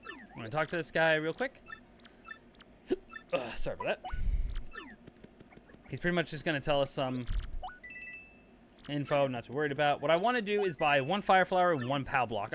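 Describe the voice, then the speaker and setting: A man's voice: fairly high pitch, fairly bright tone. A man streaming a game, giving casual gameplay commentary in a chatty, rambling way and talking to his chat.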